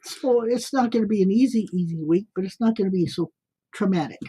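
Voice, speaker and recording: A woman's voice: medium pitch, brisk, dark tone, breathy edge. A middle-aged woman co-hosting a psychic call-in show, giving easygoing advice and talking things through with fillers. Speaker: psychic radio show co-host. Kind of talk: casual call-in chat.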